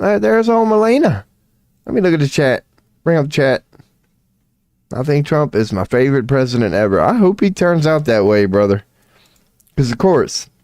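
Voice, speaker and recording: A man with a low voice that swings widely up and down, riffing crudely as he reacts live on his stream. He drawls his asides and jokes, always in a playful, trolling tone. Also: darkish tone, no room sound. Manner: crude, joking, trolling banter; drawling interjections like "come on now, man". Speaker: livestream host. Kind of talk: livestream reaction commentary.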